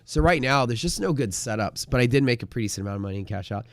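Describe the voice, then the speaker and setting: A man's voice: mid-range voice, animated, rapid-fire, dry recording. A man hosting a live day-trading stream, chatting casually in a rambling way, full of fillers and the odd swear word.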